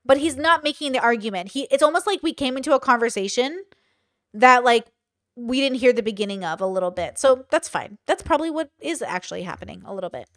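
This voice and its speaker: Casting: woman, higher voice, blunt profane live-stream reactor, dry close sound. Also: quick pace, dry recording. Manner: blunt, profane, animated rants. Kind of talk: casual live-stream commentary.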